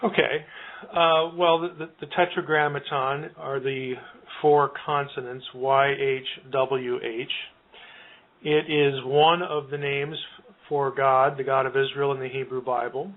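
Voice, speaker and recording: A man's voice: medium pitch, little pitch movement, measured pace. Male guest scholar, patient and academic, heard over a tinny phone line. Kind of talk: radio interview explanation.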